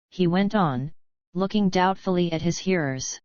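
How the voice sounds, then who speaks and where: A woman narrates an audiobook in a measured, even manner. Her voice is smooth and resonant, sitting a little low. The recording is dry and slightly dull, without much top end. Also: no echo.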